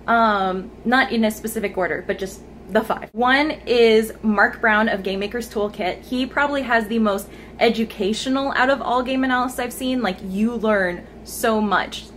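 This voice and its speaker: A young female gaming YouTuber records an upbeat, chatty channel update at home, her smartphone's camera mic held close and faint noise audible behind her. Her voice is fairly high and a bit bright, delivered at a moderate pace in this informal vlog.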